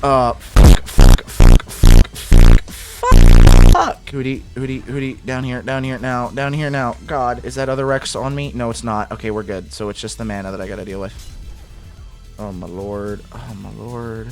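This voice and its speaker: A man's voice: mid-range voice, fairly even intonation, brisk, music in the background. A young man giving casual, profane gameplay commentary, exasperated and talking to his in-game animals. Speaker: gaming video creator.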